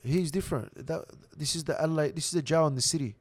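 A young Australian man telling a rough prison story in casual slang, swearing constantly. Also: fairly high pitch, quick pace. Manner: swears heavily, animated slang-filled storytelling.

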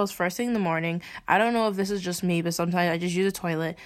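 This young woman talks very fast in a fairly low, fairly level voice. Hosting her podcast, she swears her way through an exasperated venting monologue.

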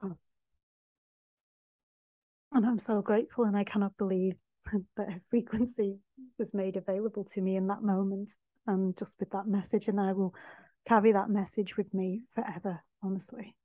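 Woman doing a podcast, heartfelt, soft, laughs a lot, muffled no-mic sound. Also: mid-range voice, level tone, a little fast, no echo. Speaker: podcast host. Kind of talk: reflective spiritual monologue. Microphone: no microphone. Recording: dull dry sound, no microphone.

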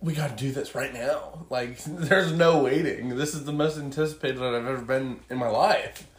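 A man's voice: medium pitch, steady tone, normal speed, roomy sound. A man co-hosting a podcast in casual chat, joking and laughing a lot. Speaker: podcast co-host.

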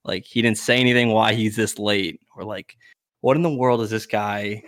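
A man's voice: on the low side, fairly even intonation, normal speed, fairly bright tone, dry recording, studio quality. A young man in casual storytelling, rambling with many fillers and acting out quotes in a raised voice. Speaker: podcast guest.

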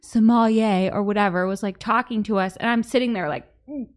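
A woman's voice: mid-range voice, fairly even intonation, a little fast. A woman hosting a podcast, telling a story in a chatty, giggly way with lots of "like". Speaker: podcast host. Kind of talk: casual chat.

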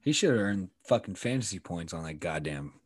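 A man's voice: sits low, animated, a little fast, slightly rough. A man co-hosting a casual sports podcast, cocky and swearing freely. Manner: brash, cocky, swears a lot. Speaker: podcast co-host.

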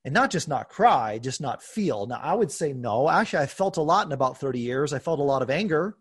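A man hosting a podcast, talking earnestly and openly about his own life, with bursts of laughter and animated emphasis. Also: on the high side, a little fast, breathy edge. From United States. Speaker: podcast host. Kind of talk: conversational podcast talk.

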